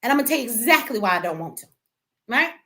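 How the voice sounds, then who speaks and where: Livestream host, woman, middle-aged; blunt, profane, impassioned; high pitch. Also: sing-song, fast, pushed and bright. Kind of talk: emotional livestream rant.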